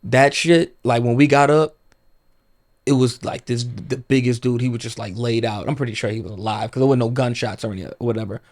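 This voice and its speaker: A man's voice: mid-range voice, fairly even intonation, a little fast, darkish tone. A man guest on a podcast, telling stories in a rambling casual way, full of "like" and swearing.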